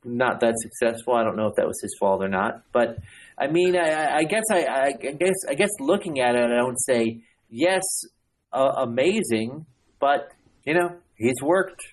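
A man co-hosting a podcast in casual chat, speaking haltingly with many restarts. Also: medium pitch, animated, slight background noise. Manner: halting, repeats words and restarts. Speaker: podcast co-host.

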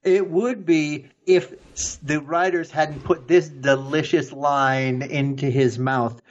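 Man, dry wry humor, slow, slightly higher voice, dull lo-fi sound. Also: steady tone. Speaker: podcast co-host. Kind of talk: casual fan discussion.

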